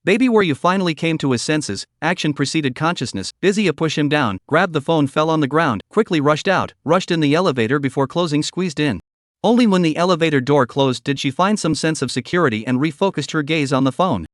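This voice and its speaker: A man's voice: on the high side, fairly quick, no echo. Dry, stilted male recap narrator.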